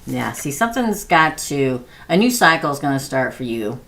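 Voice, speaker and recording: A woman's voice: a bass voice, big pitch swings, moderate pace, a bit bright. A middle-aged woman doing a chatty live-stream tarot reading, laughing often and talking to viewers by name. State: prone to losing her voice. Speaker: tarot reader.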